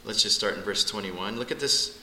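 Working fairly quickly through a Bible passage, this man sounds very bright and forceful, his voice climbing steeply whenever he presses a point. Lively delivery fills an echoey room, and a soft hiss lingers below.

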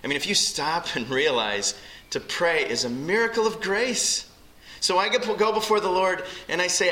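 A man's voice: fairly high pitch, moderate pace, pushed and bright, reverberant, rough recording. A pastor preaching a sermon to his congregation, earnest and emphatic, acting out prayers as he teaches.

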